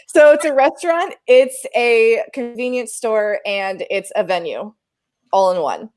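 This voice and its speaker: A woman who works as a live sound engineer, telling a story in casual podcast chat, animated and self-deprecating, laughing often. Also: on the high side, a little slow, smooth.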